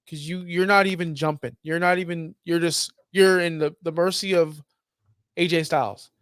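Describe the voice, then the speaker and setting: A man with a voice on the high side and a fairly bright, clean tone co-hosts a casual podcast, sounding enthusiastic and easygoing. His intonation is fairly even, his speed normal, and the studio recording is clean with no echo.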